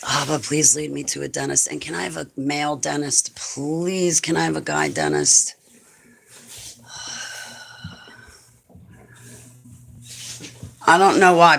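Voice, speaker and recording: A woman's voice: deep voice, vocal fry, a bit bright. A woman hosting a livestream, talking casually and bluntly to her viewers, rambling from topic to topic and chuckling often. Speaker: livestream host.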